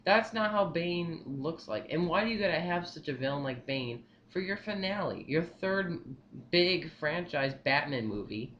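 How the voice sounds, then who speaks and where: A young man giving his movie opinions in a casual vlog, rambling and excitable, repeating himself often. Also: on the high side, normal speed, muffled recording, slight background noise. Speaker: vlogger.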